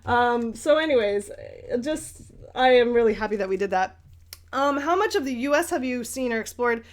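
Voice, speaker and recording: A young woman from the US chats in a relaxed, rambling way while she paints, answering questions from her viewers. Her voice sits a little high, and her talk is full of ums, restarts and small laughs. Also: moderate pace. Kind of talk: casual paint-along chat.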